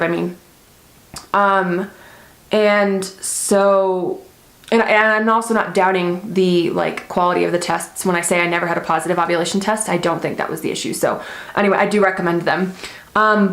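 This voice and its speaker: A young woman chats through a long personal story for her vlog, rambling and filling pauses with "like" and "um". Her voice sits at a middle pitch. The room around her is roomy and echoey. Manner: chatty, rambling, lots of "like" and "um". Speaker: vlogger.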